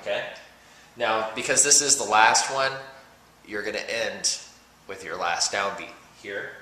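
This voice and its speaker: A man's voice: on the low side, steady tone, measured pace, heavy background noise. A man teaching a drum exercise, explaining patiently step by step and counting off beats. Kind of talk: instructional talk with count-offs. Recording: roomy with loud drum playing between talk.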